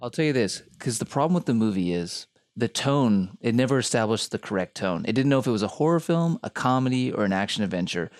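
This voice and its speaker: A man's voice: medium pitch, expressive, quick pace, no echo. Chill guy on a podcast, blunt opinions, dead dry sound. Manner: blunt, laid-back, says "like" often. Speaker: podcast co-host. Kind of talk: casual podcast chat.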